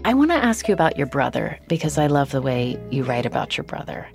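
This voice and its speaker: A woman's voice: extremely low pitch, sing-song, fast, vocal fry, over music. A woman hosting a podcast, narrating and asking curious, playful questions. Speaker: podcast host. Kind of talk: interview and scripted narration.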